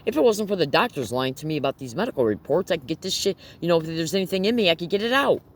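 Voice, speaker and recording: Racing and animated, this man's voice runs on the high side as he addresses the camera directly. His emphatic, agitated monologue bombards viewers with rhetorical questions, mixed with bursts of nervous laughter.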